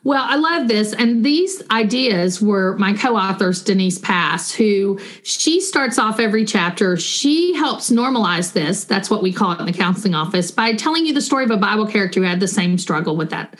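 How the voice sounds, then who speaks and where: A woman, a Christian counselor and author answering interview questions in an animated way. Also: mid-range voice, moderate pace, few pauses. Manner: animated, warm storytelling with quoted voices; guides listeners through a breathing exercise.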